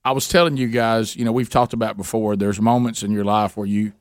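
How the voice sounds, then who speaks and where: A man's voice: fairly low pitch, fairly even intonation, fairly quick, dry recording, studio quality. A man telling a story on a radio show, rambling with many restarts and laughs. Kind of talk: casual on-air storytelling.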